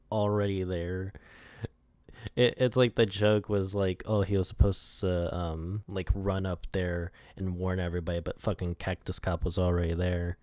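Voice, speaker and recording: A young man with a low-pitched voice gives casual commentary on his own storyboards. He rambles, laughs often, swears and leans on "like" constantly. The recording is close and dry, with no room sound. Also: darkish tone, dry recording. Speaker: animator walking through his storyboards.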